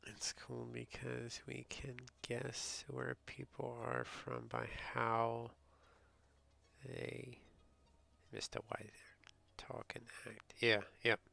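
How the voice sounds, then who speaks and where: A man's voice: medium pitch, completely flat delivery, slow pace, vocal fry, bright, forceful tone. A man from the United States, a streamer rambling in casual chat and answering his viewers. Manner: rambling, chatty storytelling, reads and answers chat.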